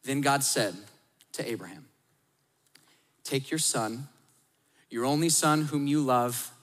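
A man in his thirties preaching a sermon, telling the story with animated acted-out voices and swings from loud to hushed. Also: medium pitch, slow, big-room sound. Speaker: pastor.

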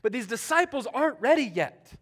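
A man preaching a conversational sermon, talking informally with many fillers and swinging between loud emphasis and hushed asides. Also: very high-pitched, very animated, fairly quick. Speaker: pastor.

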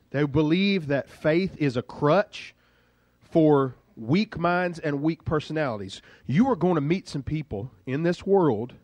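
A male pastor preaching a sermon in a lively, conversational storytelling way. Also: fairly high pitch, no room sound.

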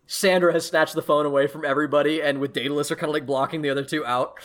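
A man's voice: on the high side, fast talker, fairly bright tone. Male game master, casual, laughing, loose chatty narration.

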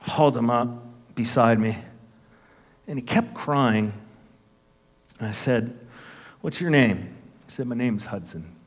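A man in his fifties preaches to his congregation, drifting between a lively personal story and earnest appeals. His voice sits in an ordinary middle register. The church hall around him rings with a long reverb. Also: medium pitch, slow pace, pauses often, slightly rough. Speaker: pastor. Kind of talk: sermon. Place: church sanctuary.

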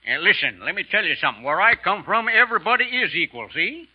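An actor playing a boisterous, tipsy American rancher in 1940s radio drama, folksy and whooping with laughter. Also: male voice, high-pitched, expressive, quick pace, husky. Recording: muffled old radio broadcast.

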